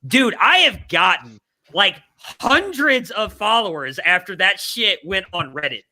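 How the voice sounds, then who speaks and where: A man co-hosting a casual group podcast talks in an animated, joking way and swears freely. His voice is a little high and very bright, and his pitch swings widely as he talks. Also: a little slow. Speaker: podcast co-host.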